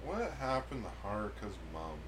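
A young man co-hosting a podcast, chiming in with wisecracks and quick jokes during the recap. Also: lowish voice, very animated, a little hiss or hum. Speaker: podcast co-host. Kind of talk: casual episode recap chat. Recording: distant mic.

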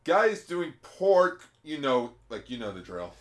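A man in casual chat, relaxed, reading from his notes. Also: fairly high pitch, a little slow.

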